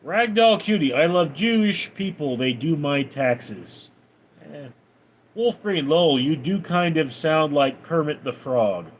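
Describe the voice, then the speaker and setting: A man's voice: a little high, expressive, slow pace, a little hiss or hum. A man livestreaming, reading viewers' names and comments aloud, then answering them offhand. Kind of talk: reading out and answering live chat.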